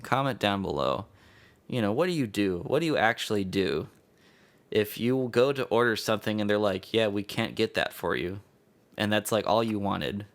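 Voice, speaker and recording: Low-voiced rambling podcast guy. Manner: meandering, loose, profane, chuckling. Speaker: podcast host. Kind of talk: rambling casual storytelling.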